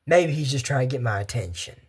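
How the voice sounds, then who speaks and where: A man's voice: medium pitch, fast, slightly rough. A young man, chatting casually and going off on tangents while recapping an anime. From Texas. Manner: chatty, digressive, animated asides. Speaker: anime commentary host. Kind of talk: casual rambling commentary.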